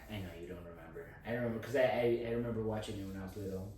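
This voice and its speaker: A man's voice: on the low side, fast talker, a crowd in the background. A man co-hosting a casual podcast chat, easygoing and rambling, laughing often. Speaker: podcast co-host. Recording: echoey room, distant mic, faint noise.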